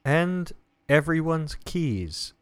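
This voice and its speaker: Measured, dryly witty male co-host. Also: a little high, very animated, clear, resonant tone, dry recording. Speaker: podcast co-host. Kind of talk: casual comic book review chat.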